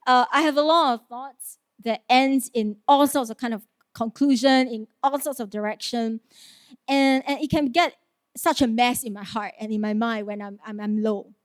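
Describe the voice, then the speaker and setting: A woman delivers a sermon with a high, light voice. She talks earnestly and conversationally, posing rhetorical questions and slipping in small laughs. The sound is close and dry. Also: no room sound. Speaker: preacher.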